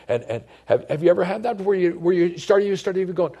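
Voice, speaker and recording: A male pastor preaching a sermon in an animated way, acting out quiet, whispered voices of the devil and of doubting believers. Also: a little high, a little fast, husky.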